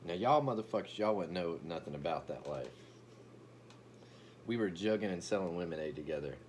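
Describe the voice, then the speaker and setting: Profane, brash man with a very low voice. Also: lively intonation, brisk, a little mellow, a little hiss or hum. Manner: brash, profane, boastful rant with stammered restarts. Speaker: comedic commentary vlogger. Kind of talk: ranting comedic commentary.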